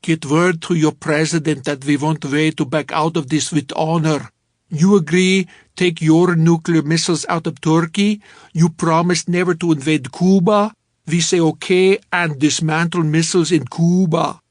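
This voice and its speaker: A man's voice: a little high, fairly even intonation, normal speed, no room sound, clean studio sound, close to an everyday voice. A man voicing a blunt Russian diplomat with a put-on Russian accent, speaking clipped, broken English. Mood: stern.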